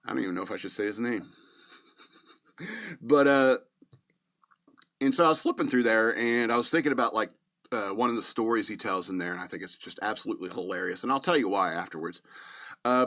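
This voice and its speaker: A man's voice: mid-range voice, fairly bright tone. Rambling middle-aged male podcast host. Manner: rambling, chuckling, many fillers. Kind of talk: casual storytelling monologue.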